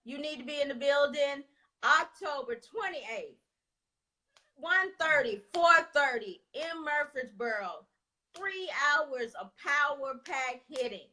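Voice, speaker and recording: A woman's voice: high-pitched, lively intonation, slow pace, bright, forceful tone. A woman guest speaker urgently plugging an upcoming event. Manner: urgent, pushy event plug. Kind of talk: promotional pitch.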